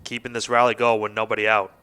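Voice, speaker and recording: Dude doing color commentary on baseball, easygoing, bit low, bright voice. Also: male voice, quick pace, clear, resonant tone. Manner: relaxed, conversational analysis.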